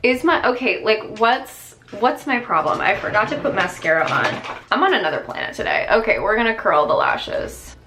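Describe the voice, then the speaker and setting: A woman's voice: medium pitch, animated, normal speed, background noise. Woman, beauty vlogger, casual makeup tutorial, exclamatory, roomy echo. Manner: chatty and exclamatory, many fillers.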